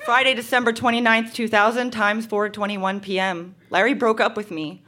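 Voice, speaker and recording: A woman's voice: fairly high pitch, steady tone, normal speed, sharp tone, a faint crowd. A young woman reading her teenage diary aloud at a live show, wry and laughing through it. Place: live venue stage.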